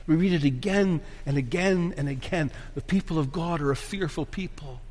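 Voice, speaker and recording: High-voiced man preaching in a hall. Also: moderate pace. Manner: emphatic preaching, dropping to soft hushed phrases; repeats phrases for emphasis. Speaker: pastor. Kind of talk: sermon. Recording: long hall reverb.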